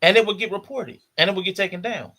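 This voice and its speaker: A man's voice: sits high, quick pace, sharp tone. A man hosting a podcast, giving blunt, disdainful commentary on video clips and repeating his points for emphasis. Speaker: podcast host.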